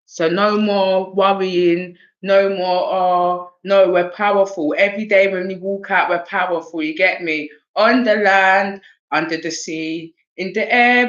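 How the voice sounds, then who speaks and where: In a voice on the low side, a South East London woman reads oracle cards for a relaxed livestream chat, laughing, animated, and swearing alongside streetwise slang. The recording's highs are cut off.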